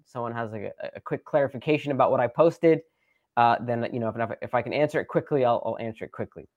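A man's voice: medium pitch, no echo, highs cut off. A man, a preacher, talking casually on a live stream, rambling with many fillers and restarts. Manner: repeats phrases with shifting emphasis.

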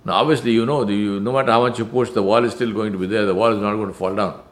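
A man's voice: fairly low pitch, steady tone, racing. A man preaching a sermon in an earnest manner, stressing points by repetition and often restarting his phrases.

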